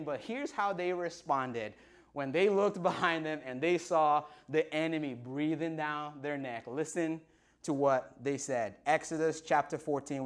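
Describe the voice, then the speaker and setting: A man preaching to an online congregation, playfully retelling scripture in modern slang and acting out the people's lines. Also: on the high side. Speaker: pastor.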